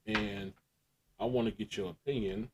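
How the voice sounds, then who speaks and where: This podcast co-host is a man from the American Midwest with a lowish, creaky voice who speaks at a moderate pace. He tells crude, laid-back stories in casual conversation and laughs often, over a noisy background.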